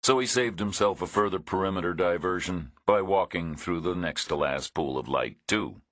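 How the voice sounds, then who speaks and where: Deep, husky male audiobook narrator. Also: fairly bright tone, no echo, studio quality. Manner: measured, understated reading. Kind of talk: scripted thriller narration.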